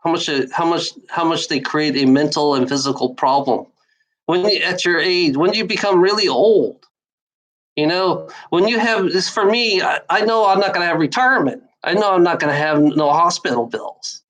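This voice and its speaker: A woman's voice: lowish voice, moderate pace, poor audio. A woman in her forties talking in a casual monologue, rambling and repeating herself, swearing a lot, sounding bitter and worn out. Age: 40s. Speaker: vlogger giving life advice.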